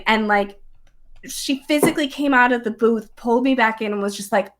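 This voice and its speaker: A bubbly young woman talks in a casual chat, her voice sitting a little high. She fills her talk with little fillers and breaks into laughter often. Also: moderate pace, a bit bright. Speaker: guest. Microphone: streamed live remote talk.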